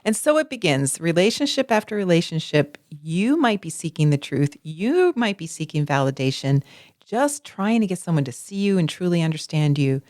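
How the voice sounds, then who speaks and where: Animated podcast lady telling little stories, voice goes all over, dry mic. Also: lowish voice, normal speed, no room sound. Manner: expressive, storytelling, jumps into acted quotes. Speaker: podcast co-host. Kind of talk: casual conversational podcast chat.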